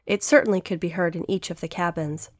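A woman reading a children's audiobook aloud in a gentle, steady storytelling manner. Her voice sits on the low side and is recorded close and dry. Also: a little fast, dry recording. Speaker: audiobook narrator. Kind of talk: scripted storybook narration.

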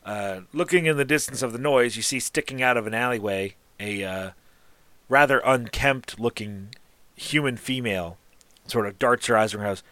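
A man narrating a tabletop game as game master, in a relaxed, rambling, descriptive way. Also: medium pitch, moderate pace, dry recording. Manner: relaxed, casual, descriptive, lots of "sort of" and "like".

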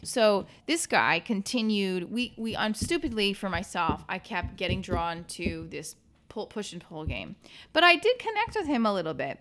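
This is a woman comedian talking casually as a podcast guest. She tells her story in an animated way and does the other people's lines herself. She swears now and then, and her voice sits at a middle pitch. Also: normal speed.

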